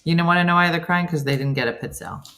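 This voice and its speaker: A woman's voice: fairly low pitch, fast, fairly bright tone. A middle-aged woman hosting a casual morning show, reading viewer comments and reacting with chatty asides. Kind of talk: casual chat.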